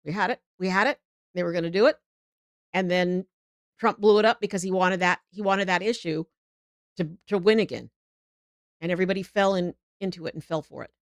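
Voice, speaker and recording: A woman's voice: lowish voice, a little fast, pauses often, no echo. A middle-aged woman hosting a live political show, talking in a heated, rambling way with frequent restarts.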